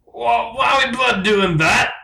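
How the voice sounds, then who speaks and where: A man's voice: extremely high pitch, measured pace, gravelly, reverberant, voice pushed up, exaggerated voice. A man doing a brash British bloke bird. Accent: put-on British. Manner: loud, brash slang, swearing. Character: brash young male macaw, rowdy bloke. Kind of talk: improvised comedy skit.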